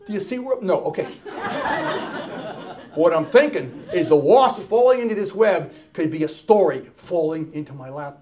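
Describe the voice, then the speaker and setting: Wisecracking stage comic. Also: male voice, a little high, normal speed. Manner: wisecracking, animated, drops to hushed asides. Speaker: comedic keynote speaker. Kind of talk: stand-up comedy storytelling. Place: stage before a live audience.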